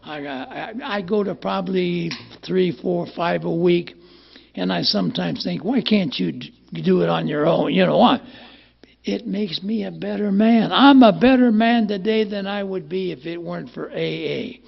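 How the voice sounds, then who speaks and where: A man's voice: high-pitched, moderate pace, creaky, breathy edge. An older man giving a plainspoken, rambling personal testimony at a recovery meeting, often repeating words as he goes. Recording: muffled lo-fi recording.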